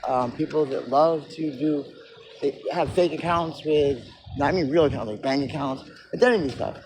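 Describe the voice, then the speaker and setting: A man's voice: fairly high pitch, moderate pace, a little mellow, a little hiss or hum, rough recording. A man ranting and answering viewer comments on a casual livestream, profane and agitated, in tooth pain.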